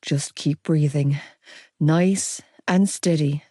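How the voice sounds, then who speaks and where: A woman voicing a calm young man who speaks in a low, steady, soothing way, in an audiobook. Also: takes it slowly, no room sound, studio quality.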